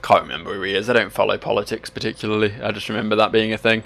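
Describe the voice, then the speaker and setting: A man's voice: on the low side, fairly even intonation, rapid-fire, gravelly, a bit bright, soft background music. A sleep-deprived man, giving rambling, sweary gameplay commentary full of self-mocking asides. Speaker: let's play host.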